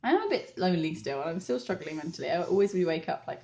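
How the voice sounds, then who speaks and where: A woman's voice: on the low side, very animated, brisk, creaky, a little mellow. A young woman chatting candidly in a video diary about her weeks abroad, laughing now and then and using lots of "like" and "um". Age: young adult. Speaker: vlogger, language assistant abroad.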